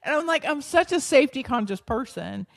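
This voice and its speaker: A woman podcast host with a slightly high voice tells a story in a lively, self-deprecating way, laughing as she goes. She stumbles and restarts often while acting out what people said. The sound is dry and close. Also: fairly quick, gravelly, no room sound. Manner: acts out her own past thoughts and others' speech; frequent restarts and fillers. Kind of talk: personal storytelling monologue.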